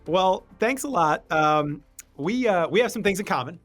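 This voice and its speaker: A man's voice: high-pitched, expressive, moderate pace, fairly bright tone, soft background music. A man hosting a casual podcast interview, loose and joking as he asks questions.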